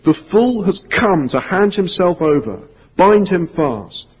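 A man putting on a shrill, cruel witch queen. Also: sing-song, measured pace, breathy edge, full character voice. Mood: commanding. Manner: shrill, commanding cries. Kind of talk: reading a storybook aloud in a sermon. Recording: echoey hall, dull lo-fi sound.

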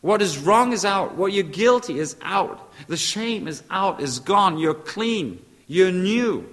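A male preacher delivers a sermon in a slightly higher-than-usual voice. He drives his points home with short repeated phrases and sometimes pauses to hunt for an English word. His voice carries a long reverb, as if in a big hall. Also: lively intonation, fairly bright tone.

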